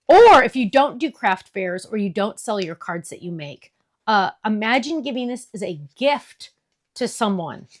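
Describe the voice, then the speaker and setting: Gushing woman hosting a craft demo. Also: on the high side. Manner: gushing, enthusiastic. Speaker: craft shop host. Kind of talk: product demo.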